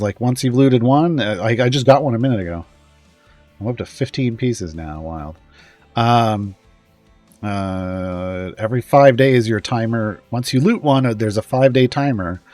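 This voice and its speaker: A man chatting casually on a live stream, rambling and often trailing off with pauses and small chuckles. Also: medium pitch, darkish tone.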